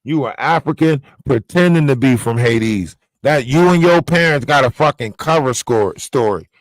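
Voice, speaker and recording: A man's voice: medium pitch, animated, moderate pace, no room sound, poor audio. Profane ranting man, dry close sound. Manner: profane, confrontational, scolding. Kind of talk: ranting livestream monologue.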